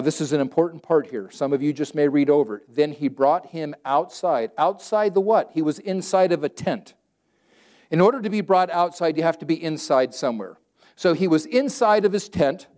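His voice on the high side, this Southern Californian pastor preaches in everyday language. The delivery is lively and conversational, and he acts out each scripture verse he quotes.

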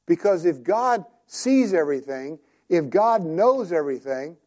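A male preacher with a slightly high but mellow voice, delivering a sermon like a friendly conversation. He tells stories and keeps turning to his listeners with questions. His delivery feels easy and unforced. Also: very animated, measured pace.

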